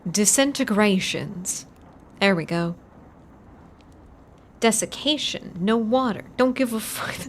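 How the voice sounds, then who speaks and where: A woman's voice: fairly high pitch, a little slow, long pauses, slight background noise. A woman from Texas with a Texan accent, reading a horror story on a live stream, chatty and laughing, tripping over hard words and repeating them.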